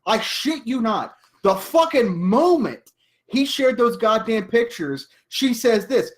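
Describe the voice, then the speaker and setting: Profane storytelling guy, lively pitch. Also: slow pace. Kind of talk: casual group chat.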